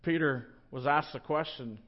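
A man's voice: a little high, normal speed, dull audio. A man, a pastor, preaching a sermon in a conversational, joking storytelling manner.

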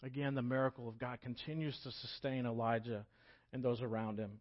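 A man preaching a casual storytelling sermon as pastor, talking conversationally and swinging between loud emphasis and hushed moments. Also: mid-range voice, fairly even intonation, fairly quick, lo-fi sound.

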